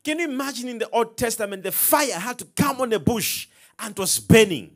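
Lively high-voiced male preacher. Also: brisk. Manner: emphatic, preacherly call-and-response, dramatic swings in loudness. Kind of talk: sermon.

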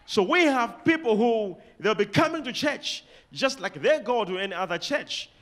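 High, lively Malawian preacher man. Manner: emphatic, dramatic swings in loudness and pitch, reads scripture slowly; directs congregation to repeat and underline words. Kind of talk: sermon.

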